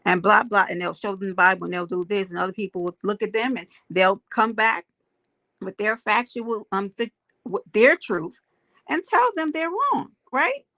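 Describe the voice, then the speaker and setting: A woman's voice: mid-range voice, steady tone, normal speed, sharp tone, dry recording. A woman hosting a casual livestream, greeting viewers by name and making emphatic points to her chat. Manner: emphatic, preachy asides. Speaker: livestream host.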